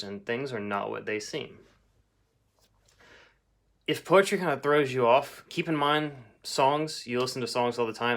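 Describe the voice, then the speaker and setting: Male English teacher, lowish voice, casual recorded lesson with ums and uhs. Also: fairly bright tone. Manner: casual, explanatory, with fillers.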